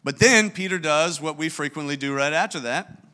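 A man's voice: a little high, moderate pace, bright, forceful tone, clear, resonant tone. A man preaching a sermon as pastor, emphatic and earnest, often restarting his words.

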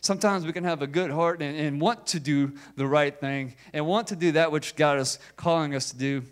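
Male pastor, high voice, emphatic sermon delivery full of rhetorical questions. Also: normal speed, clean tone.

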